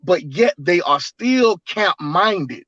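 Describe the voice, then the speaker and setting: A man with a high-pitched voice makes his points emphatically and in a preachy way. The audio is dull and lo-fi, and it sounds dry and close. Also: expressive, slow pace, a bit bright, dry recording. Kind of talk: casual online discussion.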